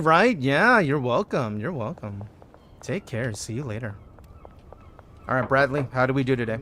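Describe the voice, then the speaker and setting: A man streaming a game, chatting playfully with the characters in casual commentary and breaking into loud bursts of excitement. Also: medium pitch, moderate pace, pauses often, no room sound.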